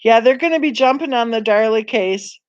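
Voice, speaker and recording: A woman's voice: fairly high pitch, brisk, a little mellow, no echo, muffled recording. A woman hosting a casual live-stream chat on a true crime channel, rambling and thinking aloud as she browses, sighing and sounding tired.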